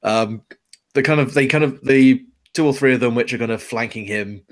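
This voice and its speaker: A man's voice: mid-range voice, normal speed. A man narrating a tabletop game as game master, casual and rambling. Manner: casual, rambling, many fillers.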